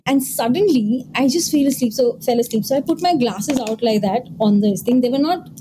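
A woman from India chatting casually, telling a personal ghost story with quick asides and acted-out quotes. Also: fairly high pitch. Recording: steady background noise.

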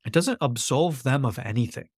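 A man's voice: medium pitch, lively intonation, moderate pace, a little mellow, slightly rough, no echo, clean studio sound. A man as a podcast guest, explaining his ideas earnestly in conversation and repeating key phrases for emphasis. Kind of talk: conversational interview.

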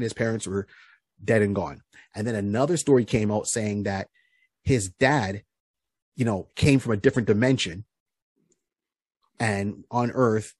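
A man's voice: lowish voice, darkish tone, breathy edge, no echo, clean studio sound. A man co-hosting a podcast, casually recapping a comic book hero's story, rambling with lots of fillers and restarts. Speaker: podcast co-host.

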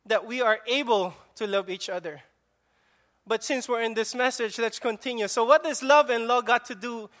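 Man, pastor, conversational sermon, rhetorical questions, very high voice. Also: fairly bright tone.

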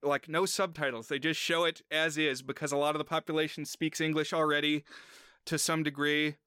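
A man's voice: fairly high pitch, little pitch movement, fairly quick, sharp tone, clear, resonant tone, no echo, studio quality. A man co-hosting a podcast in casual chat, retelling scenes from a comedy sketch. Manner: retells sketch scenes, briefly mimicking lines. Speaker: podcast co-host.

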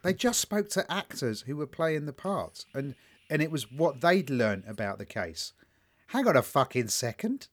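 A man's voice: a little high, moderate pace. A man co-hosting a podcast, chatting casually and telling stories with lots of swearing. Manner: swearing, storytelling, animated quoting. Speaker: podcast co-host. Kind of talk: casual chat.

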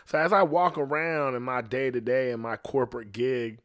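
A young man telling a story on a podcast, swearing freely and acting out the parts. His voice sits at an ordinary middle pitch. The sound is dry and close, with no room echo. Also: moderate pace. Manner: profane, animated storyteller. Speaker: podcast host.

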